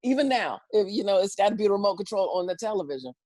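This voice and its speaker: Lively expressive woman storyteller. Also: very fast, dry recording. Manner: acts out quotes in loud high voices; expressive, laughs often. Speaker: podcast guest. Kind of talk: animated storytelling.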